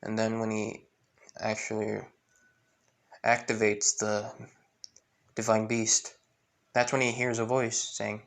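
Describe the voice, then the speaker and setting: A man's voice: on the low side, level tone, normal speed, long pauses, a bit bright. A man retelling a fan story in a rambling way, full of fillers.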